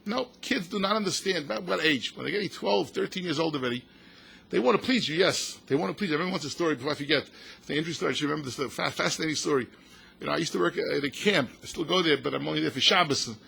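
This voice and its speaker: A man's voice: fairly high pitch, rapid-fire, gravelly, husky. An older man, a rabbi telling stories in a passionate talk, acting out quotes and mixing in Yiddish and Hebrew words. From United States. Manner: animated storyteller, acts out quotes, mixes in Yiddish and Hebrew words. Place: synagogue event hall.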